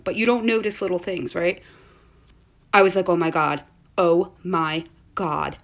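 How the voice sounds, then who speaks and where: A woman shares an eerie family story in a relaxed, chatty way. She gets animated and acts out each person she quotes. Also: mid-range voice. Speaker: parent telling a story. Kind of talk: casual storytelling to camera.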